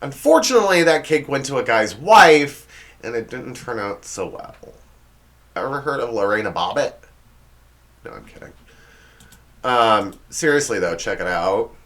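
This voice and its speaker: A man's voice: mid-range voice, very animated, moderate pace, long pauses, a bit bright. A man hosting a comedic monologue, sarcastic and exasperated, often stumbling over his words. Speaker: comedy show host.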